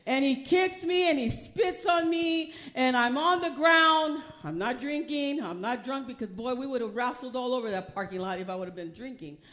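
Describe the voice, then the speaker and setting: A woman preaching a personal testimony, swinging from hushed storytelling to loud, emotional preaching. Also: sits high, moderate pace, few pauses. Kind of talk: testimony sermon.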